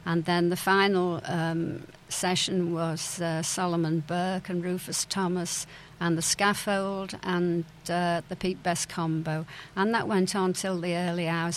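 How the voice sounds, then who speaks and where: An older woman reminisces in an interview, her voice sitting low and staying fairly even in pitch. She talks with frequent ums and restarts, and a faint hum of ambience lies behind her. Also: unhurried, few pauses, rough recording. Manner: hesitant, many fillers and restarts. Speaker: interview guest, former club owner's daughter.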